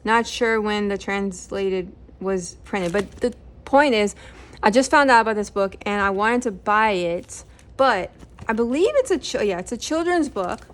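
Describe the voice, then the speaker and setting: At a measured pace and in a mid-range voice, a middle-aged woman hosting a book channel rambles through the books she has read. Fillers and self-corrections run throughout her easygoing review chat.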